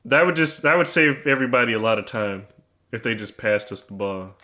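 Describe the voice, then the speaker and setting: A man's voice: mid-range voice, animated, fairly quick, pushed and bright. A man commentating his own basketball video game, teasing and trash-talking in a mock-serious way and often repeating himself.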